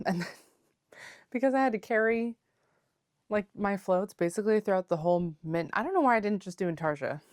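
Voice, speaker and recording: A woman's mid-range voice, lively and a little fast with frequent pauses, comes through a dry, clean studio recording. She's a knitting vlogger chatting casually at home, rambling with plenty of filler words and playfully calling her viewers besties.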